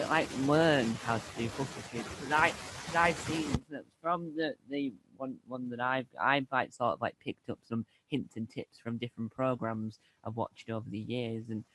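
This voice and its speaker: A man hosting an interview, asking questions in a halting way with many repeats and restarts. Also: medium pitch, a bit bright, rough recording. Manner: hesitant, repeats and restarts words. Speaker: interviewer host.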